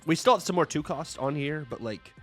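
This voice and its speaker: A man hosting a casual chat, talking enthusiastically and quickly with casual fillers. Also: a little high, animated, fairly bright tone, soft background music. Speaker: host.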